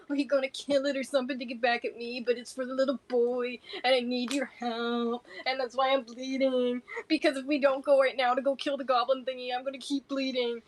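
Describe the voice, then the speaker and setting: Woman doing a distraught adventurer woman, rambling, pleading, higher voice. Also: a little hiss or hum, natural voice. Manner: rambling, pleading run-on talk.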